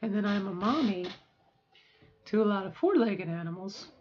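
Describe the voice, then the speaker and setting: Middle-aged woman, reflective and halting. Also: medium pitch, animated, darkish tone, lo-fi sound, slight background noise. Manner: reflective, halting, with frequent fillers and restarts. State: strained, sore voice. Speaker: vlogger. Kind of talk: personal video diary. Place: at home.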